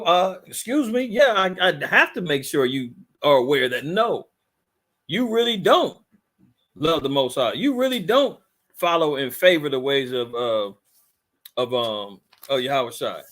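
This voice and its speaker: A man's voice: on the high side, fairly bright tone. A man leading a conversational Bible teaching, fiery and mocking in a preachy way.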